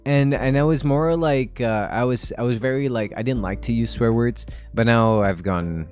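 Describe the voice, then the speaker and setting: A man's voice: medium pitch, moderate pace, darkish tone, faint music behind. Chatty man rambling on a stream. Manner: rambling and chatty, with frequent laughs. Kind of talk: casual stream chat.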